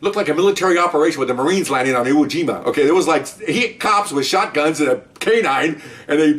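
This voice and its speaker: Fast-talking man telling cop stories. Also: on the high side, animated, far from the mic. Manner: rambling, restarts, acts out voices loudly. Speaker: retired police officer telling stories. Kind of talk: casual storytelling.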